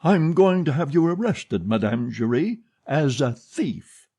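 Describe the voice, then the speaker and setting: A man's voice: on the high side, very animated, a little slow, mellow, breathy edge, pitched above the performer's own voice, exaggerated voice. A man voicing a blustering middle-aged opera manager in an audiobook, roaring and threatening. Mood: furious. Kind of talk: audiobook character voice.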